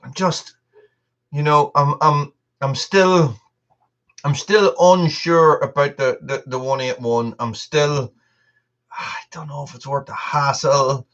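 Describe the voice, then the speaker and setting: A man's voice: on the high side, steady tone, slow, fairly bright tone. Rambling man on a lo-fi live stream. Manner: rambling, many restarts, talks to his dog. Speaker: livestream host. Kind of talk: casual live chat with viewers.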